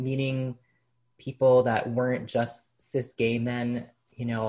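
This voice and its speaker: A woman as a podcast guest, telling a personal story in a casual, reflective way with frequent pauses. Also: very deep voice, darkish tone.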